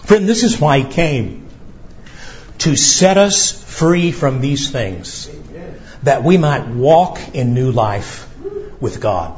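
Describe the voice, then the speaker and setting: A man preaching a sermon as pastor, earnest and emphatic, slowing for weight and pressing questions on his listeners. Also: mid-range voice, lively intonation, a little mellow, muffled recording.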